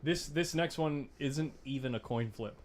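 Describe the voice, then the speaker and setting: A man giving casual, excitable live commentary on a pool match, laughing and bantering with his co-hosts. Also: medium pitch, measured pace, soft background music.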